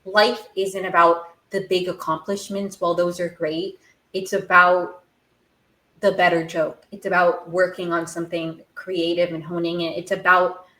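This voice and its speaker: Young woman podcaster, slightly low voice, effusive and rambling, echoey room. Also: level tone, unhurried, fairly bright tone. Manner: gushing, rambling, many "like"s and restarts. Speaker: podcast host. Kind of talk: casual recap chat.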